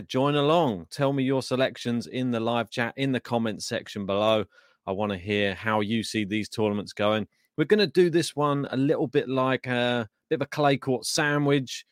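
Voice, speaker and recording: Chatty man with a smooth voice. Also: mid-range voice, no echo, studio quality. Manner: chatty, thinking aloud with fillers. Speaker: podcast host. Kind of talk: casual tennis preview chat.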